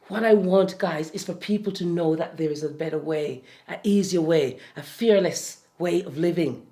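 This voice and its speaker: A woman from Jamaica with a Jamaican accent, giving a lively inspirational talk to a group, laughing often and bursting into loud peaks. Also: on the low side, moderate pace. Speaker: motivational speaker.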